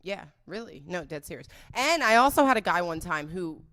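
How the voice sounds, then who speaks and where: A young woman hosts her podcast, spinning an unfiltered story with plenty of swearing and jokes. Her voice sits on the low side for a woman, but it swoops up and down all the time. She keeps the feel loose and conversational. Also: a little fast. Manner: animated, profane and joking. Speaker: podcast host.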